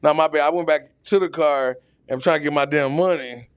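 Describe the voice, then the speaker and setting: A man's voice: on the high side, brisk, smooth, no echo. A man telling a long, profane, rambling story as a podcast guest, full of fillers. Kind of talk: casual storytelling. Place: podcast studio.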